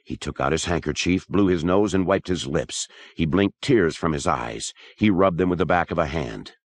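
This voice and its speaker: A man narrating a horror audiobook in a steady, measured reading. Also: low voice, no room sound.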